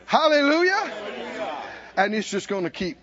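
A man preaching a sermon at a conference, emphatic and sometimes shouting, calling out to the congregation, in a dull lo-fi recording. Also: extremely high pitch, sing-song, moderate pace, some chatter behind. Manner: emphatic, shouting at peaks, laughing, call-and-response.

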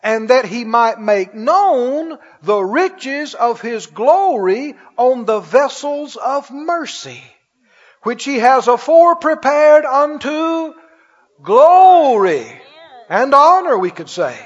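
A man preaching a sermon, exuberant and laughing, acting out awe with cries and shouts. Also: very high-pitched, animated, takes it slowly, long reverb tail, muffled recording.

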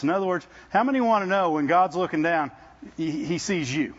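A man preaches in a loose, conversational way, often stumbling and repeating words before going on. His voice sits high for a man, and he keeps turning to the congregation with "Amen?" The recording sounds muffled and lo-fi. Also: animated, moderate pace, a bit bright. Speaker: visiting preacher. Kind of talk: sermon. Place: church service with congregation.

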